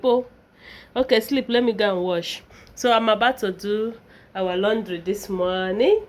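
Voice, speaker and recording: This young Nigerian woman's voice sits a little high and sounds animated, moving at a moderate pace. Filming a relaxed home vlog indoors, she chats to the camera and playfully coaxes her baby boy, laughing frequently.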